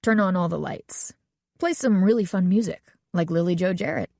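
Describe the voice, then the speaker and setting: A woman's voice: on the low side, normal speed, gravelly, warm tone, no room sound, studio quality. A woman voicing an easygoing, reassuring teenage boy in an audiobook. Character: easygoing, reassuring teen boyfriend.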